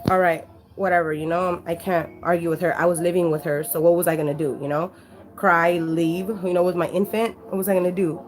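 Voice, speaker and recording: A woman telling her story casually to a handheld camera, rambling with frequent "you know" and freely swearing. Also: lowish voice. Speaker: vlogger sharing her life story. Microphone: handheld camera at arm's length.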